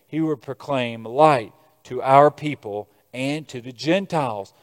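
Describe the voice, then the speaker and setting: An American man preaching a sermon as a pastor, moving between quiet scripture reading and loud, emphatic exhortation. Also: a little high. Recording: long reverb of a large hall.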